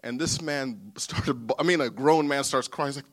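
A man pastor preaching a sermon through personal stories, animated and building to loud, emphatic points. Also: fairly high pitch, a little fast, few pauses.

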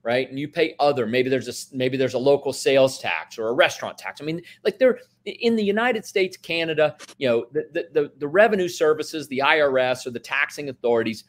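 A man's voice: medium pitch, lively intonation, a little fast, hardly any pauses. A man who is an investment expert, explaining in casual talk and often checking in with the listener. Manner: explains with many "right?" tags and restarts.

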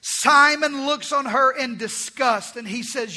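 With a very high voice, a male pastor delivers an emphatic sermon at normal speed, hardly pausing at all. He repeats key phrases and shifts from loud declarations to hushed asides.

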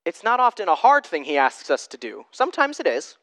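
A man preaching a teaching sermon, talking straight to his listeners, moving from loud stressed words to hushed asides. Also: high voice, huge pitch swings, a little fast. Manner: conversational, addresses listeners directly. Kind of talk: sermon teaching from note sheet.

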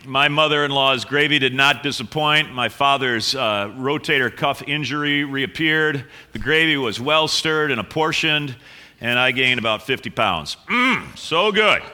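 A middle-aged male pastor opens with a prayer and then chats with his congregation in a loose, joking manner, stumbling over fillers. His voice is very bright and forward. A long reverb from the church hall trails every phrase. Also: mid-range voice, moderate pace. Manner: relaxed, joking, with fillers and restarts. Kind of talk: sermon opening with prayer and chat. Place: church sanctuary.

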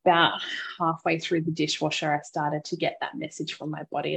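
A woman hosting a podcast, candidly recounting a hard parenting moment and offering gentle advice to listeners. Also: low voice, little pitch movement, a little fast, vocal fry, breathy edge. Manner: open, reflective storytelling with frequent laughter. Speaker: podcast host and mother. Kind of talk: candid personal podcast talk.

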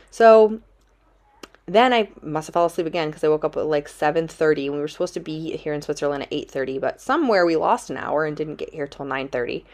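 A young woman with a low-pitched voice chats straight to camera, telling her story with plenty of drama. She talks loosely and casually, filling her sentences with "like". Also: quick pace, darkish tone. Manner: dramatic, chatty, heavy use of "like". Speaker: travel vlogger.

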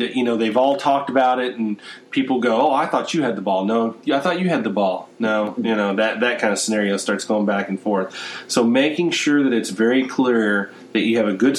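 A man hosting a business conversation, explaining points steadily and often saying "you know". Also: mid-range voice.

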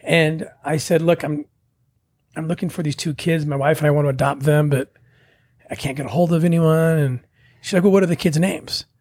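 A middle-aged man telling a personal story in a casual, animated way, acting out the voices of the people in it. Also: a little high, moderate pace, no echo. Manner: animated, acts out quoted voices. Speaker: guest telling his story.

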